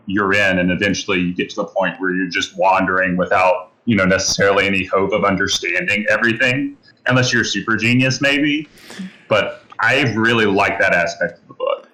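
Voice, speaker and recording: A man's voice: sits low, pushed and bright, low-quality recording. A man co-hosting a podcast, talking through ideas in a thoughtful, rambling way with many fillers. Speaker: podcast co-host. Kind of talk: casual discussion.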